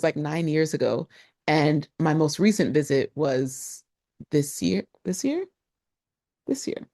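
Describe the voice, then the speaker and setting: A woman travel vlogger chatting casually to camera, animated and expressive, with frequent laughter and asides. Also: low voice, no echo, clean studio sound. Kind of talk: casual talking-to-camera vlog.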